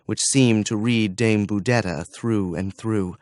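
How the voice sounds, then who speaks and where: A man reading a fantasy audiobook in a measured storytelling manner. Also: on the low side, no room sound, studio quality. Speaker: audiobook narrator. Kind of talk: scripted audiobook narration.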